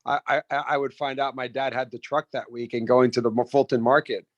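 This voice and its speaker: A middle-aged man telling stories in a casual interview, animated, with many restarts and repeated words. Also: mid-range voice, a little fast, dry recording, highs cut off. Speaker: restaurant founder and guest.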